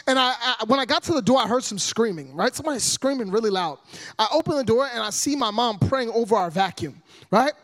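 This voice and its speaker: A man in his thirties giving a humorous sermon as a guest preacher, loud and animated, joking with the congregation. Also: extremely high pitch, fast.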